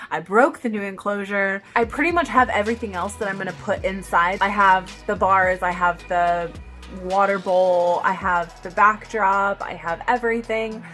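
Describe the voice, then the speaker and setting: A young adult woman chatting casually in a get-to-know-me vlog, bubbly and excitable, with lots of "like" fillers. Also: medium pitch. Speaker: vlogger.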